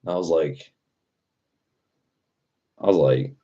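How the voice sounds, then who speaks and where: Male streamer, very deep mellow voice, profane rambling storyteller. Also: slow, pauses often, dull audio. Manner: profane, rambling storyteller who laughs at his own stories. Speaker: livestream host. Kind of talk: casual livestream chat.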